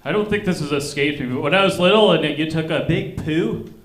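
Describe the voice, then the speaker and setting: Dry stand-up on a roomy stage. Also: male voice, fairly high pitch, brisk. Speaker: comedian. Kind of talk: stand-up comedy. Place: comedy club stage. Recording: roomy club sound, live stage mic.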